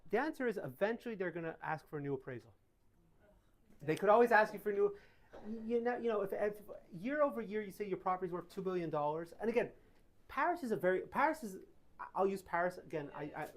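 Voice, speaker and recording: A man giving casual Q&A answers to a live audience, telling animated stories and correcting himself as he goes. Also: high voice. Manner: animated storytelling, self-correcting. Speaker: tax advisor speaker. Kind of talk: casual Q&A talk.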